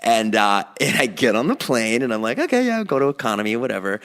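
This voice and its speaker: A man's voice: fairly high pitch, very animated, normal speed, pushed and bright. Middle-aged guy on a podcast, voice jumps all over, laughs a lot and swears telling a story. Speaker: podcast co-host. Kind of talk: casual chat.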